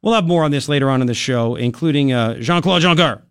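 A man hosting a talk radio show, giving sarcastic and animated commentary from a studio. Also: quick pace, clean tone, dry recording. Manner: sarcastic, animated, jumps between high and low tones. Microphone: studio mic.

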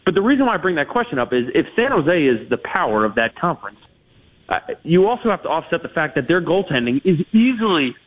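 Heard over a tinny phone line on radio, a male hockey analyst speaks as an interview guest in a husky voice on the high side. His answers run long and are full of fillers and restarts.

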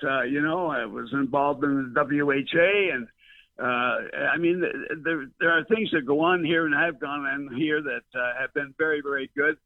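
An older man, a veteran broadcaster, rambles through his memories with fillers and restarts. His fairly high voice comes over a thin, phone-like line. The sound is dry and close. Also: dry recording. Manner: storyteller, many fillers and restarts. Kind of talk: rambling reminiscing interview.

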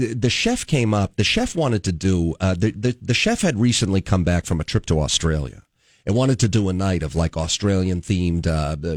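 A man co-hosting a morning talk show, telling rants and stories in a lively, animated way. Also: deep voice, dry recording, studio quality. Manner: animated, ranting storyteller. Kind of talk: casual chat.

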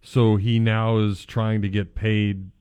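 A man's voice: lowish voice, level tone, slow pace, mellow, smooth, no room sound. A man hosting a sports radio talk show, chatting casually and hedging his claims with many restarts.

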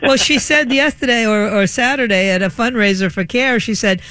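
A woman hosting a talk radio interview, animated and exclaiming, quick to laugh along with her guest. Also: fairly high pitch, no room sound. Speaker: radio talk show host.

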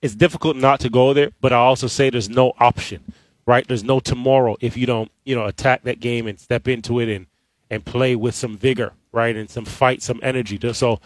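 A man's voice: medium pitch, steady tone, a little fast, no room sound. A man on a post-game basketball panel speaking firmly, repeating phrases for emphasis. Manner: firm, preachy, repeats phrases. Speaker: basketball analyst.

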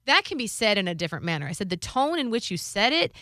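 A woman's voice: mid-range voice, big pitch swings, fast talker, sharp tone, no room sound, studio quality. A woman radio host in her thirties telling a parenting story in casual chat, using "like" a lot. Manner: chatty storytelling, lots of "like".

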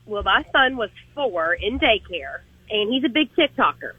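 A woman's voice: mid-range voice, big pitch swings, normal speed, husky, narrow, tinny audio. A woman calling a radio show to tell a funny story about her young son at daycare. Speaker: caller. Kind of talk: telling a story on a call-in show.

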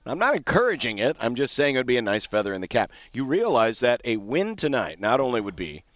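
A man's voice: mid-range voice, very animated, a bit bright, no room sound, dull audio. A male sports radio host with a mid-range voice, talking casually and often restarting and repeating his words. The studio sound is dry and close. He reasons through his points steadily. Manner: halting, repeats his words at the start of sentences.

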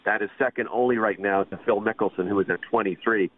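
A man in his fifties co-hosting a golf radio show, chatty and quick to laugh. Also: on the low side, steady tone, dry recording. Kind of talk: casual radio chat. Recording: phone-like radio audio.

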